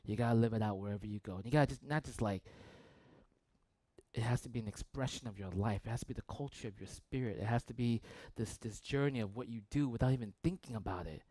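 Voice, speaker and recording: At a quick pace, a pastor with a mid-range voice tells a sermon story in conversational style, frequently checking in with "right?" His volume swings from loud bursts to near-whispers, and the recording is dry.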